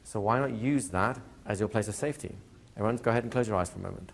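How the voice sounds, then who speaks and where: A man teaching a hypnosis class to a live audience, talking in a relaxed way and slowing into soft hypnotic suggestions. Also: fairly low pitch, gravelly, a little hiss or hum. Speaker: hypnosis trainer. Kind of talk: live training lecture. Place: training room with a seated audience.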